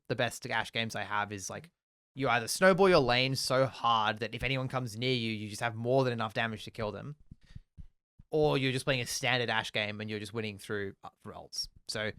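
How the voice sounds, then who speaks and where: A man co-hosting a gaming podcast, talking in a quick, animated, casual way and agreeing often. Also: medium pitch. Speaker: podcast co-host.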